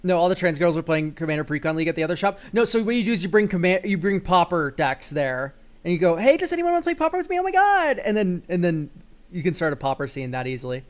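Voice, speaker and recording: Young man, high voice, casual live-stream chat, jokey, swears, goofy exclamations. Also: fast. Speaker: streamer reviewing viewers' card game decks.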